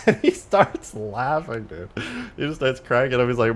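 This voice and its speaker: A man's voice: mid-range voice, animated, normal speed. A man in his twenties chatting casually on a live stream, rambling and swearing through slangy stories. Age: 20s. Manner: rambling, profane storytelling with slang.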